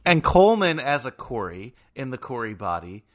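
A man's voice: mid-range voice, normal speed. A man co-hosting a podcast, chatting casually and ramblingly about a film. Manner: rambling, animated, lots of fillers. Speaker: podcast co-host.

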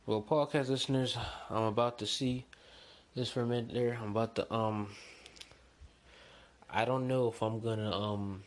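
A young man hosting a solo podcast, chatting in a rambling, excitable, slangy way. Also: medium pitch, moderate pace, pauses often. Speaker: podcast host. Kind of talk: casual solo podcast chat.

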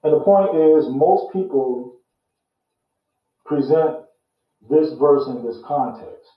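Slow, deliberate man in an echoey room. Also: a little high, distant mic, highs cut off. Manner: slow, deliberate, repeats phrases for emphasis. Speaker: host and Bible teacher. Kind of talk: casual Bible teaching.

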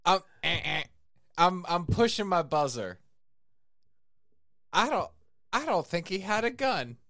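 Teasing man with an animated voice. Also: high-pitched, creaky, dry recording, studio quality. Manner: teasing, interrupting with quick questions. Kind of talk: casual podcast chat.

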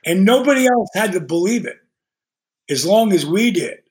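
High-voiced man telling swearing stories. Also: normal speed. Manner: animated, swears freely, acts out dialogue. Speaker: podcast guest. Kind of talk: casual storytelling.

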